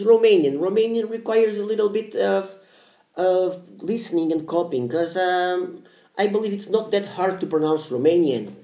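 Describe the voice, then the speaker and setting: A man's voice: fairly high pitch, dark tone, echoey room. A man whose first language is Portuguese, giving unscripted language-learning advice on his vlog and thinking aloud as he searches for words.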